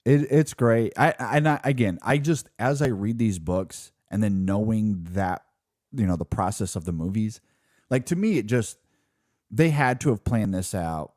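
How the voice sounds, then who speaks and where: This film podcast co-host has a lowish, slightly mellow voice and an animated delivery at normal speed. Recorded at studio quality with no room sound, he talks casually and meanders, restarting often and filling gaps with "like" and "you know."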